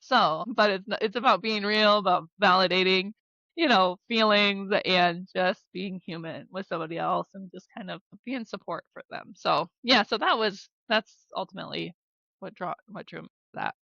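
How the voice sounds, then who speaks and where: Midwestern woman, 30s, podcast guest; bright, chatty, filler-heavy storyteller; dry, slightly dull mic. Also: medium pitch, moderate pace, vocal fry, no room sound. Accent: American Midwest. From South Dakota, USA. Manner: chatty, lots of "like" and "you know", laughs easily. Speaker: podcast guest, former basketball player and therapist. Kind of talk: casual interview storytelling.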